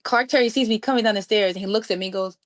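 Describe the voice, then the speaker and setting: A woman from New York City, a guest musician, telling a story with lively acted-out dialogue. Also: medium pitch, rapid-fire. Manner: acts out quoted dialogue with lively voices. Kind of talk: animated storytelling.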